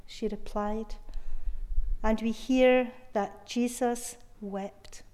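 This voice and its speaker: A woman preaching a sermon, retelling a story in a measured way and stressing key words with feeling. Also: fairly high pitch, fairly even intonation, warm tone. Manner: slow, measured retelling with emphatic, heartfelt stresses. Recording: long reverb of a large hall.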